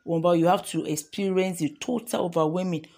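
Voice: medium pitch, steady tone, normal speed, darkish tone. A devotional host leading a morning sermon, fervent and repetitive, calling listeners to repeat affirmations.

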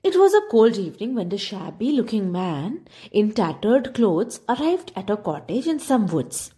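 A woman's voice: medium pitch, moderate pace. A woman reading a children's story aloud as storyteller, speaking to the kids. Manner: expressive, addressing kids.

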